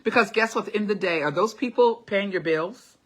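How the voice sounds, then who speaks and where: She is a middle-aged woman hosting a live motivational stream, chatting casually over viewer comments with short, repeated encouragements and lots of laughter. A fast talker at medium pitch, she has the voice of a classically trained singer.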